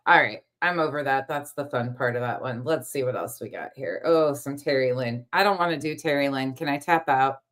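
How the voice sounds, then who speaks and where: A woman's voice: rumbling low, normal speed, hardly any pauses. A woman co-hosting a livestream, reacting with sassy quips and thanking viewers. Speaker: livestream co-host. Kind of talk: casual livestream chat.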